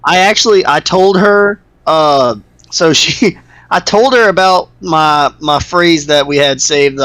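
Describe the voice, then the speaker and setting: A man's voice: fairly high pitch, a little slow, fairly bright tone, no echo. A young man co-hosting a casual podcast with friends, telling stories and laughing often. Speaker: podcast co-host. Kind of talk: casual chat.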